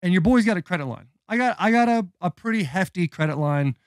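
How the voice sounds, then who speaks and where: A man in his thirties, a podcast co-host, telling a story in a casual, animated and profane way with dramatic build-up. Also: high voice, fast talker, no room sound, studio quality.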